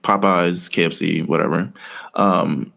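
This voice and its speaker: A man's voice: low-pitched, fairly even intonation, unhurried, gravelly, a bit bright. A man co-hosting a casual wrestling podcast, rambling through a story with lots of quoted asides. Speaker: podcast co-host.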